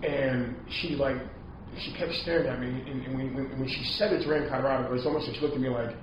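A man's voice: mid-range voice, steady tone, fast, noisy background. A man telling a story in casual chat, rambling and packing his talk with repeated fillers. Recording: echoey, distant, dull lo-fi sound.

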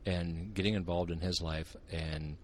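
A man's voice: low-pitched, a little slow. An older man from Montana, a guest author telling stories in a casual, joking podcast interview. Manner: joking, sarcastic, animated storyteller. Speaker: guest, author and Bigfoot researcher.

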